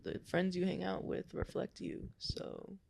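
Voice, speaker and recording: A woman's voice: lowish voice, monotone, a little slow, gravelly, heavy background noise. A woman co-hosting a podcast in casual chat, frank and asking pointed questions. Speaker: podcast co-host.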